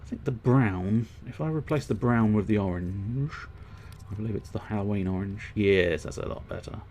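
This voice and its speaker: A man's voice: fairly low pitch, moderate pace, a little mellow, a little hiss or hum. A man streaming a video game who rambles and swears as he thinks aloud while customizing his gear. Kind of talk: casual let's-play commentary.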